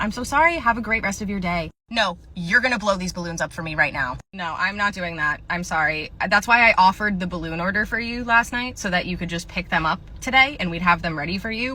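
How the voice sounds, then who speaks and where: Bright sarcastic young woman storyteller. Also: on the low side. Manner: sarcastic, dry, casual. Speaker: storyteller, former retail worker. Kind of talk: comedic storytime and skit.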